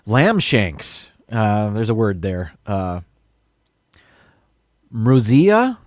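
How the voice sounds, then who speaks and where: A man's voice: fairly low pitch, lively intonation, slow pace, dry recording, studio quality. Rambling man hosting a live stream. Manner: rambling, reads viewer comments, stumbles over unfamiliar words. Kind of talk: casual live stream chat.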